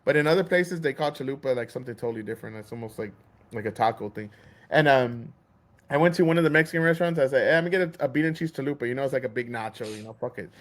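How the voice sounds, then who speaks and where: A man's voice: mid-range voice, quick pace. A man hosting a podcast, ranting in casual, profane chat and acting out store clerks' lines. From Texas. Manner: heated, swearing, acts out store clerks. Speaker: podcast host.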